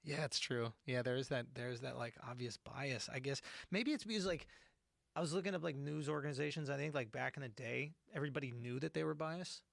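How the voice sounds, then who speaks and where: A man's voice: mid-range voice, a little fast, dry recording. A man in casual chat, ranting in disbelief with some swearing. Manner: incredulous, ranting, profane. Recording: clear background noise.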